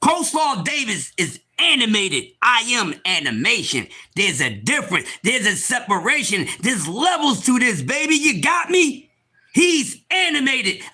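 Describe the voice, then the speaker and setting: Man, very high cartoonish voice, bright, loud and preachy, livestream host. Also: big pitch swings, unhurried, slightly rough. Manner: loud, preachy, often shouting. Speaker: live stream host. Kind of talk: animated livestream talk.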